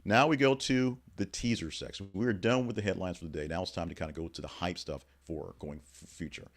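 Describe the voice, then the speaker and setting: A man's voice: sits low, brisk. A middle-aged man hosting a casual morning news podcast, rambling offhandedly through the headlines with frequent fillers and restarts.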